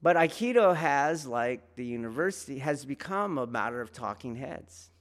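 A man's voice: mid-range voice, lively intonation, normal speed. A man teaching about martial arts in an informal lecture, talking conversationally and often checking whether listeners follow.

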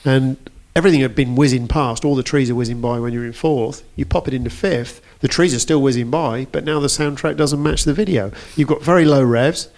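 A man's voice: mid-range voice, fairly quick, few pauses, a little mellow. Earnest enthusiastic male racing guest. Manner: earnest and enthusiastic, repeats words for emphasis. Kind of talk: conversational recollection.

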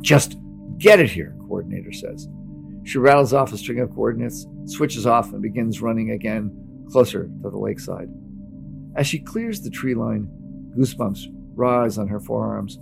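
A man reading a novel aloud as narrator, in a steady, dramatic audiobook delivery. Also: fairly low pitch, normal speed, creaky. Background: music.

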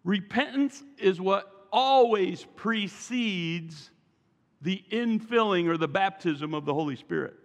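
A male pastor preaching a sermon with emphasis and calling the congregation to repeat after him. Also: high-pitched. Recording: long reverb from a large hall.

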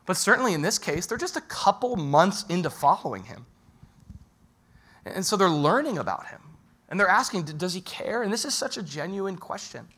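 A man preaching a sermon in a conversational way, asking the listeners questions and swinging from loud bursts to quiet lines. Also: high-pitched, very animated, normal speed, slightly rough. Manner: conversational, asks the audience direct questions. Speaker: pastor.

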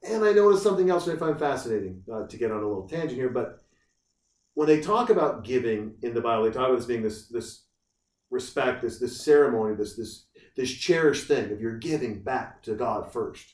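A man hosting a casual talk show, animated and joking, often slipping into mocking voices. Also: mid-range voice, a little fast, far from the mic. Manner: animated, mocks others in put-on voices. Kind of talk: casual chat. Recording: roomy echo, a bit off-mic.

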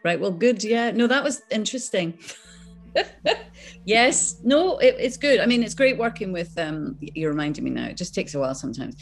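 A woman with a Scottish accent, a voice actress chatting as a guest in an interview, lively and quick to laugh. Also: mid-range voice, vocal fry, faint music behind. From Scotland. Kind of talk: casual interview chat.

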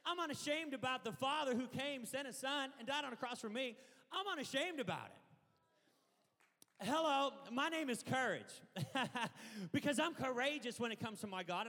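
A man preaching a lively sermon from a church stage, leading loud call-and-response with the crowd. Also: very high voice. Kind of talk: energetic sermon. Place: church auditorium. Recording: long hall reverb.

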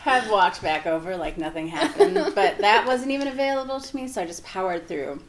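Woman comic, animated anecdote delivery, laughs through it, acts out the quotes. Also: medium pitch, fairly quick. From Wisconsin. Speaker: guest comic. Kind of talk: casual storytelling.

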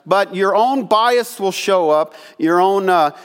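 An older male pastor preaches in a loose, folksy way, full of asides to his listeners. He acts out the people in his stories as he goes. His voice sits high for a man. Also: slow, clear, resonant tone. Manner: folksy storytelling with asides to the congregation; acts out quoted voices in the story. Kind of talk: sermon.

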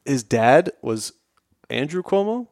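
A man's voice: fairly high pitch, sing-song, slow, darkish tone, no room sound, studio quality. A man co-hosting a casual podcast chat, blunt and profane, given to mocking impressions. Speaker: podcast co-host.

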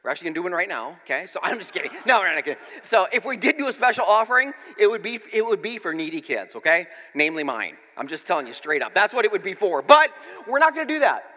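Animated pastor in an echoing church hall. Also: male voice, high-pitched, fast talker, hardly any pauses. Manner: animated, exclaiming, self-mocking humor. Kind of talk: comedic storytelling sermon.

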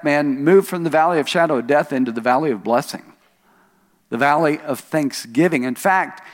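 A man pastor preaching a sermon, telling a story with rising emphasis on key lines and soft asides. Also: fairly high pitch. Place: church sanctuary. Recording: long hall reverb.

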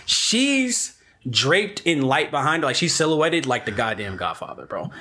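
A young man with a bright, forceful voice that sits a little high for a man. He tells a rambling story among friends in casual chat, full of swearing and restarts. He is animated and unfiltered. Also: unhurried.

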